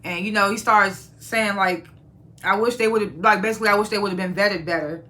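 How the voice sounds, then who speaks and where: A woman's voice: medium pitch, brisk, sharp tone. A woman hosting her own review channel, recapping a TV episode in a casual, profane way and acting out the characters' lines as she goes.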